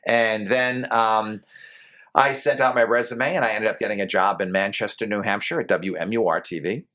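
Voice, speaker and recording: A middle-aged man from New England with a notably low, deep voice, recounting his years in TV news. He talks in a loose, rambling way, full of "um" and "you know" and restarts. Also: steady tone, moderate pace, pushed and bright. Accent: faint New England. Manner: rambling, many fillers and restarts. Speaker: guest, television news anchor. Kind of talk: relaxed storytelling in a podcast interview.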